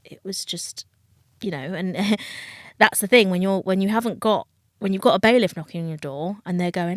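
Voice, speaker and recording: A woman's voice: medium pitch, normal speed, no room sound, studio quality. A middle-aged British woman, a dating coach, speaking frankly and emotionally in an interview, acting out other people's voices. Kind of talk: candid interview talk.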